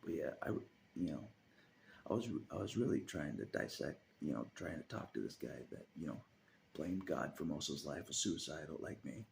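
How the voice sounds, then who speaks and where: Low, very gravelly-voiced man vlogging; rambling, chuckles a lot, pitch swings widely. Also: expressive, normal speed, slight background noise. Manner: rambling, chuckles often, trails off into muttering. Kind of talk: casual monologue to camera.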